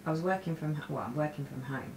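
Middle-aged woman vlogger, lowish voice, rambling chatty storyteller, recorded on a webcam in a roomy home space. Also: fast, vocal fry, a little mellow, slight background noise. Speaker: cross-stitch vlogger. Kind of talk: casual stitch-along chat. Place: room at home. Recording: roomy echo.

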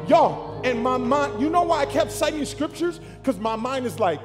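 A pastor preaching an animated sermon to his congregation, calling out to the room. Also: very high-pitched, moderate pace, hardly any pauses, long reverb tail, faint music behind.

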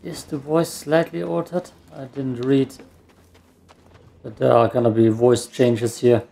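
Slow, gravelly German-accented gamer. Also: male voice, mid-range voice, fairly even intonation, mellow, slight background noise. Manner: rambling, self-mocking, mutters and curses at the game. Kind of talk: let's play commentary.

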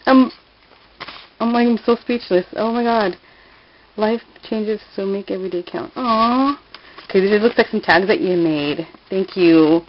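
A woman's voice: medium pitch, measured pace, long pauses, lo-fi sound, a little hiss or hum. A middle-aged woman vlogging at home, gushing and giggling as she unboxes a gift. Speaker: craft vlogger. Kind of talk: casual unboxing vlog.

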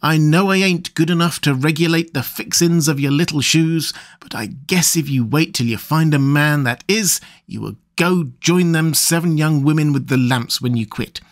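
A man's voice: fairly high pitch, moderate pace, few pauses, dry recording, lightly acted. Earnest young American suitor with folksy slang, man reading, dry and close. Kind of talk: audiobook reading.

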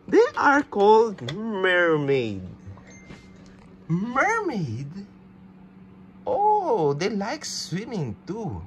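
A woman narrating toy play in slow, simple phrasing with playful sound effects. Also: medium pitch, wildly swooping pitch, muffled recording, a little hiss or hum.

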